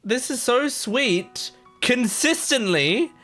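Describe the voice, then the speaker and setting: A woman's voice: a little high, expressive, slow, fairly bright tone. A woman hosting an anime reaction video, talking casually and emotionally, with exclamations and swearing. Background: faint anime music.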